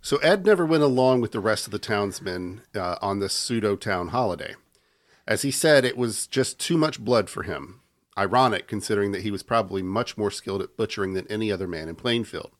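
A man hosting a podcast, reading a true-crime story aloud in an even narrating tone. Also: on the low side, fairly quick. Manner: reads the story aloud in an even narrating tone, breaking into laughter at the banter. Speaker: podcast host.

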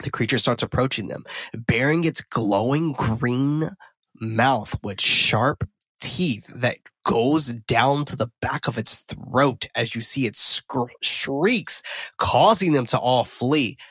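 A man in the middle range of pitch tells a film's plot scene by scene on a podcast, tripping over his words and fixing them as he goes. His talk is casual and profane. The sound is dry and close. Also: slow pace, fairly bright tone, husky, dry recording. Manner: loose, profane, self-correcting storytelling. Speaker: podcast co-host. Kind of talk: casual film recap and discussion.

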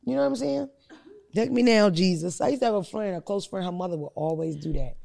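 A woman's voice: mid-range voice, fast, creaky, mellow. A woman comedian hosting a podcast, chatting casually with blunt, profane storytelling.

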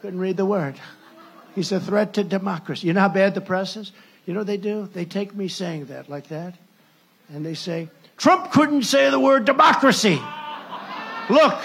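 A man with a husky, gravelly voice holds forth at a campaign rally. He rambles and jokes sarcastically, breaking off mid-thought and circling back, in a somewhat high register for a man. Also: moderate pace. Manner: rambling, sarcastic, with self-interruptions. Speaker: presidential candidate.

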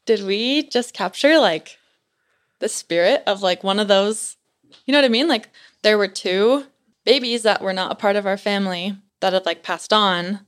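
A young woman chats loosely with a podcast host, her sentences strung together with frequent "like"s. She sounds casual and talkative, with a middle-range pitch, and tells her story as it comes. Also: normal speed. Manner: chatty, peppers speech with "like". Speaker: podcast guest.

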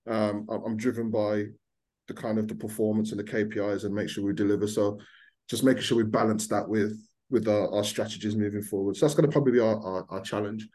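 A man from Birmingham with a mild Birmingham accent, speaking as a founder in a casual podcast interview in a measured, businesslike way. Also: fairly low pitch, steady tone, warm tone. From Birmingham, England. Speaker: startup founder guest.

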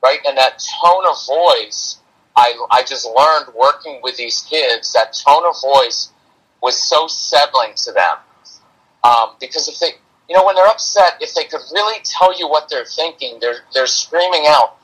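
A man talks through parenting ideas as a podcast guest, in an earnest, chatty way. His voice is bright and forward with a husky edge. Now and then he slips into quick impressions of frazzled parents. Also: on the high side, rough recording. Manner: earnest, conversational, acts out parent and kid voices. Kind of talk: podcast conversation.

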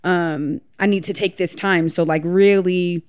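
A woman's voice: lowish voice, fairly even intonation, measured pace, clear, resonant tone, dry recording, studio quality. A woman in her thirties, a mother and co-host, giving encouraging, reflective advice in casual chat. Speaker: podcast co-host, wellness business owner.

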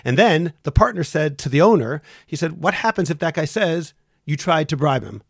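A man's voice: on the high side, big pitch swings, moderate pace, gravelly, dry recording, clean studio sound. A man hosting a podcast, telling an anecdote in an earnest conversational way. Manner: earnest, storytelling with acted quotes. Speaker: podcast host. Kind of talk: conversational storytelling.

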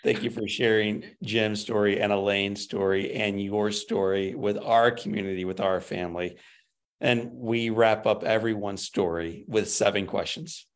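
A man with a fairly low voice hosts an interview. He thanks his guest warmly and moves easily into his questions, keeping a relaxed, friendly tone. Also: measured pace. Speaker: podcast host.

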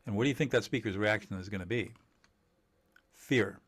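A man teaching communication skills in an interview, emphatic and animated, laughing often and acting out quoted dialogue. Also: on the low side, a little fast. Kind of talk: conversational interview.

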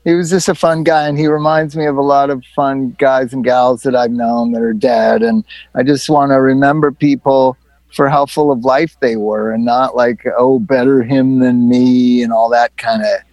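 A man hosting a relaxed conversation, reflective and anecdotal. His pitch is in the ordinary middle range for a man. The recording is dry and close-miked. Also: normal speed, no room sound. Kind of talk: casual conversation.

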